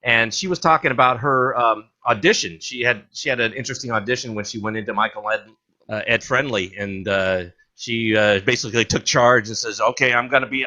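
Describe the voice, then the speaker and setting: Bright-voiced male interview host. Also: mid-range voice. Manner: halting, many fillers and restarts. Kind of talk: interview questions. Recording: dull lo-fi audio.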